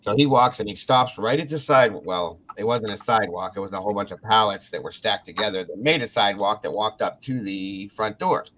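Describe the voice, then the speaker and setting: A podcast host from Ohio tells a story on his casual talk show, swearing freely and acting out quotes with animation. His voice is fairly low, brisk, with hardly any pauses.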